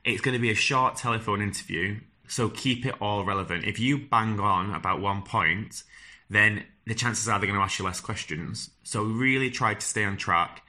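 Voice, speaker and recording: Northern English man, lowish voice with a bright, forceful edge, earnest and direct advice delivery. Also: moderate pace. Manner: earnest, direct, fillers and restarts. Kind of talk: advice talk to camera.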